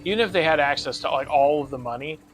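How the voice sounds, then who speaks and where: A man's voice: on the high side, fast talker. A young man rambling and ranting with frequent swearing while chatting on a casual gaming stream, with game music behind him.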